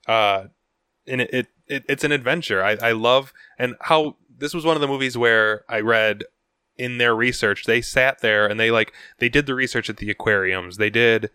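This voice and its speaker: A man's voice: mid-range voice, moderate pace, bright, forceful tone, clear, resonant tone, no echo, studio quality. A man co-hosting a casual movie discussion, agreeable and chiming in with short replies. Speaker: podcast co-host.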